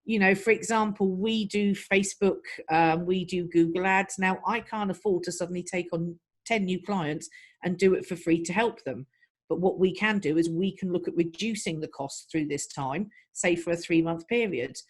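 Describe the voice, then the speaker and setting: Woman calmly giving marketing advice. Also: fairly low pitch, normal speed. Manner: practical, advising, even-paced. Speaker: marketing guest. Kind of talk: interview answers.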